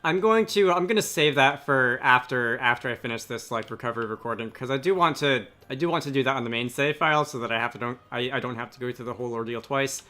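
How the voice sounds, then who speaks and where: A man with a bright, forward voice chatting through a video game as its let's play host. He rambles and restarts his sentences, with faint game music underneath. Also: mid-range voice, quick pace, hardly any pauses. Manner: rambling, self-correcting. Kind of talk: casual gameplay commentary.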